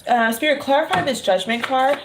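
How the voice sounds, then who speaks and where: A woman's voice: high voice, fairly quick. A woman giving a casual tarot reading, chatting and laughing often between remarks. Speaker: tarot reader. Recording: noticeable background noise.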